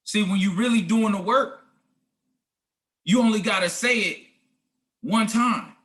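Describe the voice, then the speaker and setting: A man's voice: sits high, measured pace, a bit bright. A man giving a motivational talk on a group call as a team leader, emphatic and preachy, talking slangy and calling listeners guys and family.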